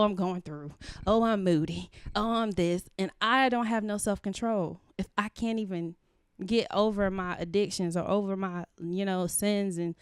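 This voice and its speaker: A woman's voice: on the low side, darkish tone, clean tone, no room sound, clean studio sound. A woman co-hosting a podcast, talking candidly and earnestly about her personal life, full of filler phrases. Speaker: podcast co-host.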